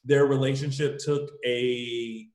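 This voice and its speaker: A man co-hosting a casual recap podcast from home, animated and acting out the characters' lines as he talks. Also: mid-range voice, slow, roomy sound. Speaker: podcast co-host. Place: room at home.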